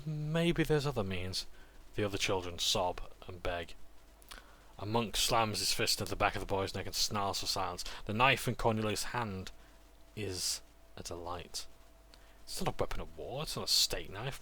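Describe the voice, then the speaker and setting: Bright-voiced man narrating a game recap. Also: low-pitched, a little hiss or hum. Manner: storytelling narration with game rolls. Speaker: game master.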